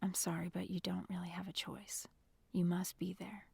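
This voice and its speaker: A woman reading the part of a gentle, encouraging young man in an audiobook, speaking softly and reassuringly. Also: on the low side, flat delivery, normal speed, creaky, slightly rough, no room sound, pitched below the performer's own voice, heavily acted. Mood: coaxing. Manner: soft, hushed and reassuring.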